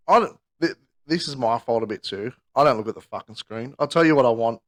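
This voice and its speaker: A man telling a rambling, sweary story in casual podcast chat. He acts out the people he quotes in higher voices. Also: quick pace. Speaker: podcast co-host.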